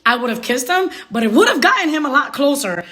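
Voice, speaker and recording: A young woman telling a dating story in a casual, animated way, slipping into Spanish phrases. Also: sits high, fast. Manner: animated, laughing often, switches into Spanish. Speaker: storyteller vlogger.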